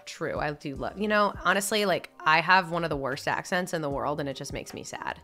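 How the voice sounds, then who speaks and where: Young female streamer: nasal, rambling chat, a lower pitch and a crisp bright edge, faint music behind. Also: a little fast. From upstate New York. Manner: chatty and rambling, with frequent filler words. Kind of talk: casual chat while gaming, reading chat aloud.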